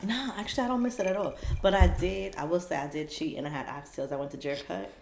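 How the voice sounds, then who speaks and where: A woman's voice: fairly low pitch, fast talker, gravelly, a little mellow. A woman guest in a casual chat, reacting expressively and laughing. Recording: echoey room with crowd noise behind.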